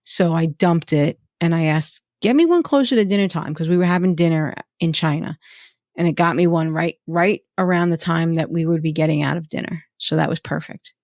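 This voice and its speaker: Woman guest, lower voice, chatty storyteller, dry booth sound. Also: level tone, darkish tone, dry recording. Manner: chatty storyteller, quick asides. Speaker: podcast guest. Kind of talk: casual chat.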